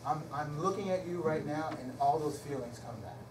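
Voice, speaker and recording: A middle-aged man speaks as a guest in a storytelling lecture, swinging between loud excitement and quiet, hushed moments. He is picked up from a distance in a roomy, echoing hall. Clear background noise sits under his voice. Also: fairly high pitch, moderate pace. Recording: echoey hall from far off, noisy.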